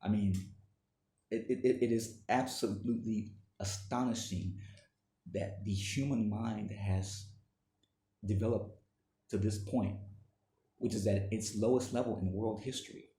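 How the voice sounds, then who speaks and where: A man's voice: fairly low pitch, fairly even intonation, measured pace, long pauses, dark tone, echoey room. A man delivering an indignant, emphatic opinion monologue that keeps repeating its points. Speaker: commentator.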